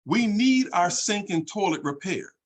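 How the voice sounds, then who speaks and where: A man playing a soft-spoken husband who politely closes the door. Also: high voice, animated, a little slow, pitched above the performer's own voice. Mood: calm apologetic. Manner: quiet, apologetic. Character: calm husband at his front door.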